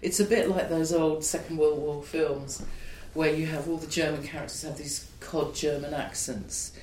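A man talks through his choices as a playwright in an interview, reflective and discursive. His voice sits a little high for a man and carries a roomy echo, with a faint low rumble underneath. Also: fairly even intonation, moderate pace, a little mellow. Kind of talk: conversational interview. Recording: echoey room with faint rumble.

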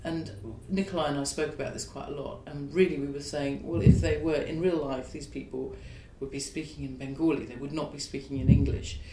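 A man's voice: steady tone, a little fast, few pauses. Reflective man in an echoey room. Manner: reflective, discursive explaining. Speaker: playwright being interviewed. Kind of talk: conversational interview. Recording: echoey room with faint rumble.

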